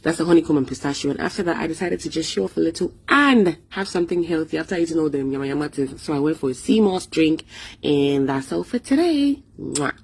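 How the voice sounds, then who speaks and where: A Nigerian woman with a Nigerian accent and a low, husky voice gives a casual vlog voice-over. She is playful and chatty, pokes fun at herself and drifts into pidgin phrases. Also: animated, fast talker, a little mellow. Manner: playful, chatty, self-mocking, slips into pidgin. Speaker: food vlogger.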